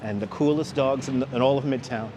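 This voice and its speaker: A man's voice: medium pitch, a little fast, highs cut off, over music. A man with a New York accent hosting a casual live-streamed walking tour, chatting with viewers and reading out signs. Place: outdoor city walkway at evening. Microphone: wireless clip-on mic.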